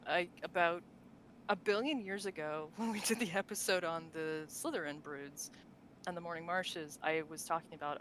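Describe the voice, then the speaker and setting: On a rough recording with slight background noise, a woman speaks in a lowish voice that sounds pushed and bright. As a podcast co-host discussing tabletop game lore, she keeps things chatty and loose, with frequent laughter, lots of fillers, and many restarts.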